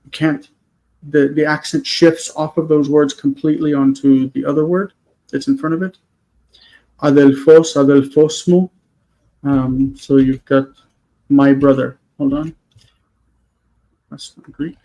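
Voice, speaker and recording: A man teaching a grammar lesson on a video call, explaining patiently and slowing down to spell out words. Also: on the high side, fairly even intonation, gravelly, mellow, rough recording. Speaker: Hebrew teacher. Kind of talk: online class lesson.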